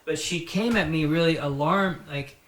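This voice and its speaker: A man hosting his own podcast, telling stories in a rambling, animated, profane comic style. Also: fairly high pitch, normal speed. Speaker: podcast host. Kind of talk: casual comedic storytelling. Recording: roomy echo.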